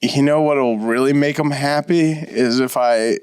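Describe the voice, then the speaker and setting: A man co-hosting a casual podcast, wry and laughing often as he thinks out loud. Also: mid-range voice, measured pace, clear, resonant tone, no echo, studio quality. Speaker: podcast co-host. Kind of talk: casual chat.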